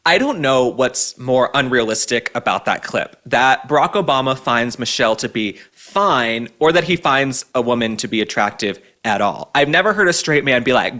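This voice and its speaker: Man, show host, mocking commentary, lively pitch, bright voice. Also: normal speed, few pauses. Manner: sarcastic, mocking, indignant. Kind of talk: ranting political commentary.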